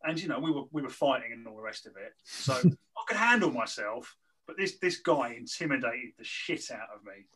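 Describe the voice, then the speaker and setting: A man's voice: mid-range voice, fairly quick, breathy edge, low-quality recording. A man telling a long, rambling anecdote in casual chat. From southern England. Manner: rambling, animated, lots of fillers. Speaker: guest telling a story.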